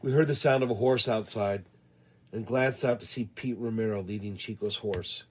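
A man reading a western novel aloud in the first person, measured and deliberate. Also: lowish voice. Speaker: audiobook reader. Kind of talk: first-person audiobook narration.

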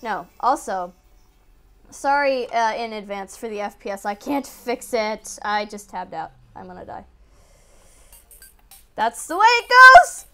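A young woman giving casual gameplay commentary, excitable, yelping and laughing as she plays. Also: medium pitch, a little slow, faint music behind. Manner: excitable, yelps and laughs at the game. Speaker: gaming channel host.

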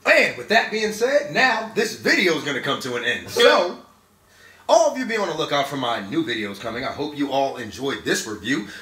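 An excitable young man talks through a movie review, swearing freely and laughing as he goes. His voice is high, bright and swings widely in pitch. He sits back from the mic in an echoey room. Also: normal speed, distant mic. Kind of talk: animated casual movie review.

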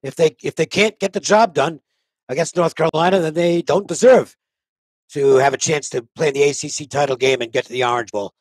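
A man's voice: on the high side, brisk, dry recording, poor audio. An older man with a New England accent, giving his sports betting picks on a panel show in a plainspoken way. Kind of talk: casual panel talk.

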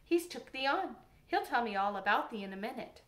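A woman's voice: a little high, animated, close to an everyday voice. A woman doing a cheery country boy. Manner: quick, easy, good-humoured.

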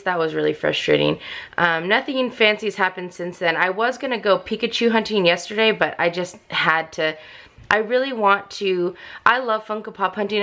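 A woman's voice: mid-range voice, fairly bright tone. A young woman vlogging casually to camera, exasperated and repeating herself as she rants. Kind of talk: casual vlog talk to camera.

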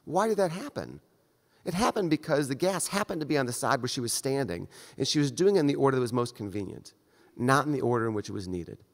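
A male surgeon lecturing to a conference audience in a direct, conversational manner, his mid-pitched voice trailing a long reverb through the lecture hall. He talks his listeners through the steps as if they stood with him in the room. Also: expressive, fast talker, gravelly. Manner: conversational, direct, acts out brief exchanges.

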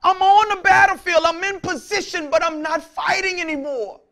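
A man preaching a sermon as pastor, casual in speech, acting out his listeners' voices and swinging from quiet talk to shouts. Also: very high-pitched, fairly even intonation, normal speed.

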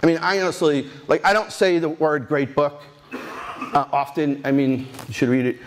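A man in his sixties speaks from a conference stage, his voice sitting a bit higher than most men's. He rambles through his stories with restarts and quick asides, animated and unpolished. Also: slight background noise. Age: 60s. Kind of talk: storytelling conference talk.

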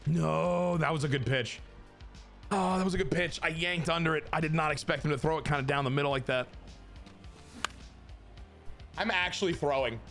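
A man giving casual, excitable commentary on his own baseball video game play, talking to his chat and swearing. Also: on the high side, a little fast, gravelly, soft background music. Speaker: gaming streamer.

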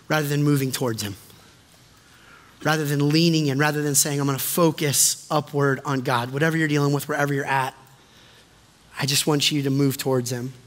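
A man preaching as pastor in a church, impassioned and then dropping soft and low to plead with the congregation. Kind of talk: sermon. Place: church sanctuary. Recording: long reverb of a church hall.

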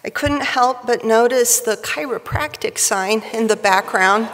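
A woman giving a prepared tribute speech at a professional society event, with a wry, measured delivery, at a podium microphone in a large hall. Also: fairly high pitch, a bit bright, a little hiss or hum. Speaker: speaker at a surgical society event. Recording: reverberant hall.

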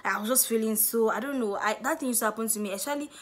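A young Nigerian woman with a Nigerian accent telling a lively story-time vlog, acting out what people said. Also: on the high side, racing. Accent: Nigerian English. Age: young adult. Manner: animated storytelling, acts out quotes. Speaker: student vlogger.

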